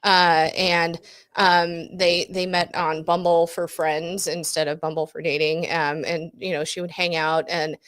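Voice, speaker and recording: Woman podcast co-host, lowish voice, dry close sound, rambling chatty telling full of ums. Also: flat delivery, unhurried, fairly bright tone, dry recording. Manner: chatty, lots of fillers and self-corrections, laughs easily. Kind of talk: casual true-crime chat.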